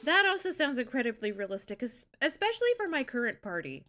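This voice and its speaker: A woman's voice: on the high side, big pitch swings, quick pace, sharp tone. A woman hosting a live stream, chatting casually, blunt and swearing, laughing often. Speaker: streamer host.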